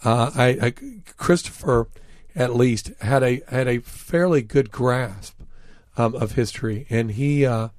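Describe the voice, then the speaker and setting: A man recounts anecdotes as an interview guest. He is earnest, pauses on fillers, and slows right down on key words. His voice sits at a middling pitch and sounds close and dry in the studio. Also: darkish tone, no room sound. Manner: earnest anecdotal storytelling with frequent fillers, slowing down for emphasis. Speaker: author and guest. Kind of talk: storytelling in an interview.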